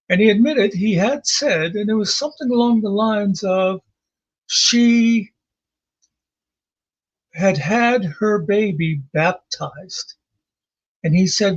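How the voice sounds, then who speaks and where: High-voiced slow rambling man. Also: gravelly, breathy edge, lo-fi sound. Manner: rambling, sarcastic, with profanity. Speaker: commentary channel host. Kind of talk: casual recap commentary. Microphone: home mic, off camera.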